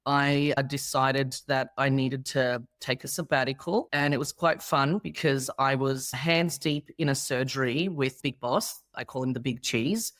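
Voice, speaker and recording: A woman's voice: very deep voice, fairly even intonation, unhurried, few pauses, dry recording, studio quality. An Australian woman in her thirties, a guest comedian in a casual interview chat, telling stories with animation and acting out the people she quotes.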